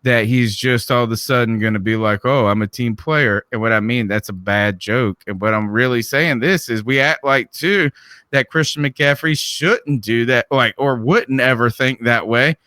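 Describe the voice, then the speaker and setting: A man with a Southern drawl chats about sports in a bright, forward voice. He talks in loose, searching sentences full of rhetorical questions. The sound is dry and close. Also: medium pitch, normal speed, no room sound. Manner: conversational, prone to restarts and rhetorical questions. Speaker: podcast co-host. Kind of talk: casual sports talk.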